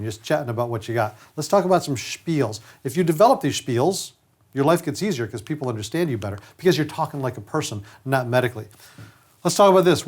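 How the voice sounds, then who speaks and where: A middle-aged man, a dentist, giving a conversational training lecture and acting out short patient exchanges. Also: mid-range voice. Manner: lively, conversational, acts out patient dialogues.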